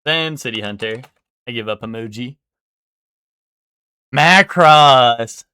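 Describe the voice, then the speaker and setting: A man's voice: mid-range voice, lively intonation, moderate pace, pushed and bright, no echo, studio quality. A young man streaming live, thinking aloud and guessing in casual, swearing chatter.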